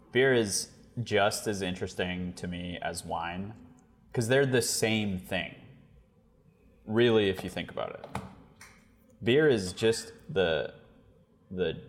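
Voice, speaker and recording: A man's voice: sits low, big-room sound. A man co-hosting a casual chat, explaining things in an easygoing way. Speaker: podcast co-host.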